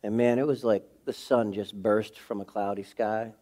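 A pastor giving a sermon, earnest and confessional, swinging from a hushed intimate tone to fervent preaching. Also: male voice, on the low side, steady tone, moderate pace. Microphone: speaking to a camera.

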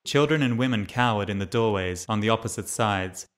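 A man's voice: on the low side, brisk. A man narrating a memoir as an audiobook reader, reading steadily and lifting his voice for the quoted lines.

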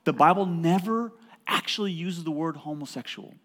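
A pastor preaches to his church with emphasis, building to loud peaks and tossing joking asides to the congregation. His voice is a little high and his speed normal.

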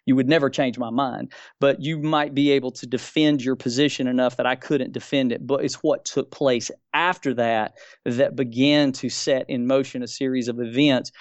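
A man's voice: mid-range voice, fairly even intonation, moderate pace, no echo, dull audio. A man in his fifties telling a personal religious experience as a debate guest, earnest and groping for words. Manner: earnest, searching for words, repeats key phrases.

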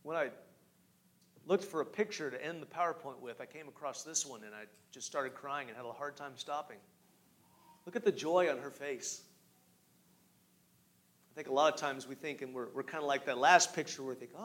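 A man preaching a sermon who moves from hushed storytelling to loud, rising exhortation and asks the congregation direct questions. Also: on the high side. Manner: guides listeners with direct questions. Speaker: pastor.

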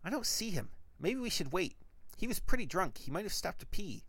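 A man doing a deadpan young woman scientist. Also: on the low side, a little fast, slightly rough, no echo, pitched above the performer's own voice, exaggerated voice.

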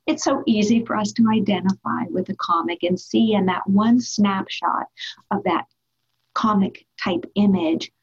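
A woman hosts an interview with a husky, breathy voice, affirming and reflecting on her guest's points. Her voice comes through a dull, lo-fi recording. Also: mid-range voice, measured pace. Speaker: interview host. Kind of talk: interview conversation. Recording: dull lo-fi sound.

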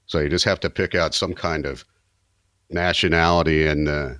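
A man with a deep voice co-hosting a podcast, joking and teasing in casual chat. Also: fairly even intonation, moderate pace, bright, forceful tone, dry recording, clean studio sound. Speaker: podcast co-host.

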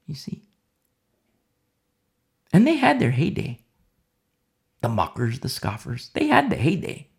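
A man's voice: mid-range voice, huge pitch swings, moderate pace, creaky, long pauses. A man preaching a sermon in an emphatic, storytelling way, often repeating himself for emphasis.

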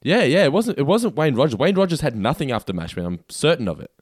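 Cheeky co-host, dry close mic. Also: male voice, medium pitch, big pitch swings, fast talker, breathy edge, no echo. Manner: cheeky, swears casually, teasing. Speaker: podcast co-host. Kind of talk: casual podcast chat.

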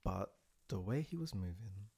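A man's voice: fairly low pitch, animated, moderate pace, creaky, warm tone, breathy edge. A man co-hosting a podcast, talking casually and emphatically, repeating lines for effect. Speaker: podcast co-host. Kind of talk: casual chat.

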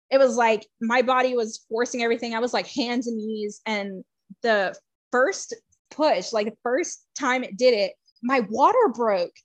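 Woman, podcast guest, casual storyteller, slightly high voice, dry close sound, emotional and laugh-prone. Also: normal speed, no echo. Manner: chatty, many "like" fillers, laughs often; emotional, swings between excited and hushed.

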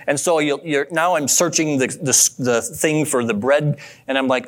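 A man preaching a sermon in a relaxed, conversational way, telling a story and asking his listeners questions. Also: a little high, normal speed, hardly any pauses. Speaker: pastor.

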